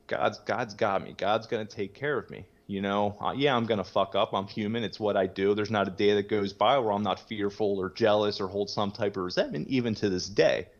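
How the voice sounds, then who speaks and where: A man's voice: lowish voice, a little fast, hardly any pauses, muffled recording. A man guest talking candidly in casual conversation, rambling with many fillers, swearing casually and laughing easily. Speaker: podcast guest sharing his recovery story.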